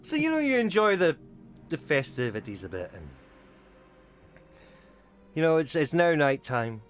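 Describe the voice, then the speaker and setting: A man's voice: on the high side, very animated, unhurried, clear, resonant tone, soft background music. A man narrating loosely as game master of a tabletop game, rambling with fillers.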